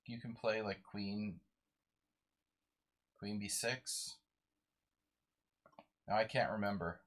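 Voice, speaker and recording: A man's voice: fairly low pitch, slow, fairly bright tone. A sleep-deprived man streaming a live chess game, muttering moves to himself and chatting with viewers.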